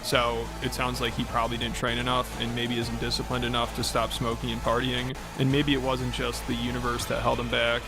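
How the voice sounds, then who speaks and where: A man's voice: mid-range voice, monotone, brisk, hardly any pauses. A man giving scripted commentary in a sarcastic, mocking tone. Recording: voice-over with loud music under it.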